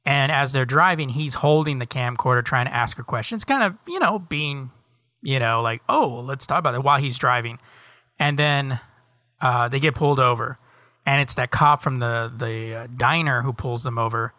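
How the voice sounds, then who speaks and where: A man's voice: medium pitch, normal speed, dry recording, studio quality. A man co-hosting a podcast, casually retelling a TV episode's plot with lots of fillers. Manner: relaxed storytelling with many fillers. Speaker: podcast co-host. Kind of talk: casual chat recapping a TV episode.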